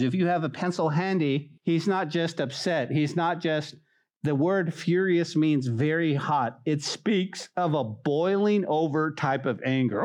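A man preaching a sermon to a congregation, animated and conversational, acting out the voices he quotes. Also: high voice, a little slow. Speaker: pastor. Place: church hall.

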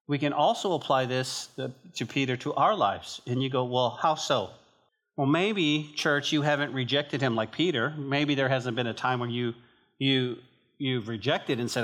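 A pastor from northern New Mexico preaching a sermon to his church in an animated, emphatic, conversational way. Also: medium pitch, normal speed.

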